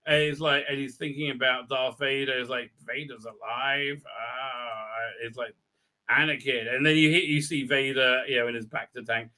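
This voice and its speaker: A man's voice: medium pitch, steady tone, a little fast, hardly any pauses, bright, forceful tone. A man hosting a live stream recap, talking crudely and rambling with many fillers and restarts. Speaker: live show host.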